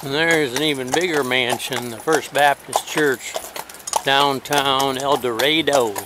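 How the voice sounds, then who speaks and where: An unhurried man with a medium-pitched, fairly even voice narrates his horseback travels for a casual spoken diary, outdoors with background noise. He rambles and hesitates, with a wry tone.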